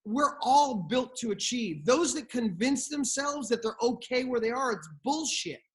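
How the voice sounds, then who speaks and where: A man's voice: very high voice, expressive, measured pace. A middle-aged man talking as a podcast guest, giving blunt motivational advice and swearing freely.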